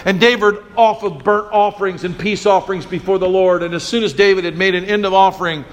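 A man's voice: high-pitched, steady tone, fairly quick. A male pastor preaching a sermon, emphatic and drawing call-and-response from the congregation.

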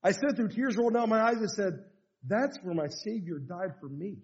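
A middle-aged American man, a pastor preaching a sermon, telling a story and moving from hushed tones to fervent bursts. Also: sits high, lively intonation, fairly quick, lo-fi sound. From United States.

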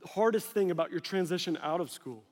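A man's voice: high voice, animated, fairly quick, darkish tone, big-room sound. A man putting on the voice of a friendly young male checkout clerk who asks eager, casual questions. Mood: curious. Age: young adult.

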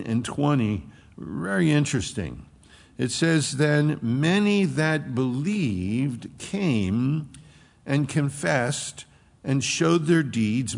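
A man's voice: medium pitch, gravelly. A man preaching a sermon as a pastor, explaining scripture in a conversational way with asides, recorded in a reverberant hall.

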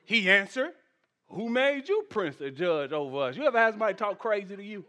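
A male pastor with a high, bright voice preaches a sermon at a fairly quick pace. His animated delivery swings between shouted peaks and soft asides, and he tosses humorous, conversational remarks to the congregation.

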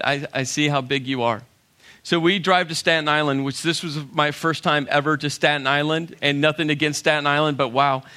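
A middle-aged man telling a funny story to an audience, lively, with acted-out quotes. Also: fairly high pitch. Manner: animated, humorous, acts out quotes. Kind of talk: storytelling talk.

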